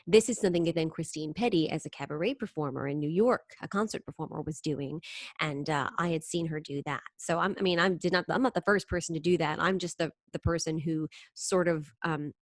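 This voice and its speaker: An actress and impressionist talking about her craft in a casual interview, animated and quick to slip into voices. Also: sits low, no room sound, clean studio sound. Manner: animated, slips into sung impressions.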